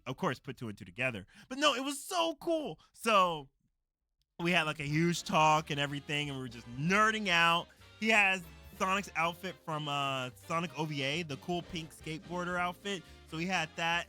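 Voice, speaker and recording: A man chatting casually on a live stream, excitedly rambling with lots of "uh" and "like" fillers. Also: a little high.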